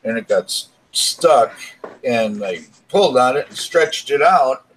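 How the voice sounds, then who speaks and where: A man's voice: mid-range voice, lively intonation, a little slow, fairly bright tone, slight background noise. A man hosting a casual live stream from his living room, chatting with guests while he tinkers and mutters.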